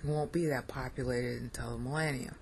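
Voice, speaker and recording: A Bible teacher works through scripture in a lecture, speaking bluntly and emphatically. The voice sits at an ordinary middle pitch. The teacher keeps checking in with a questioning "okay?" between points. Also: steady tone, brisk, slight background noise, rough recording.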